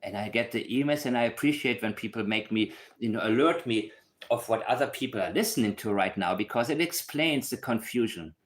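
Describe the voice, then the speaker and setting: A man's voice: medium pitch, lively intonation, a little fast. A man hosting a livestream, talking in an emphatic, blunt way with asides to his viewers. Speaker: channel host analyzing a case. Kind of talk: casual livestream commentary.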